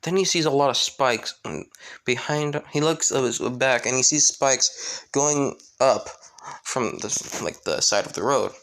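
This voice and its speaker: A man's voice: mid-range voice, unhurried, fairly bright tone. A young man casually narrating a fan story, rambling with frequent restarts and hesitations.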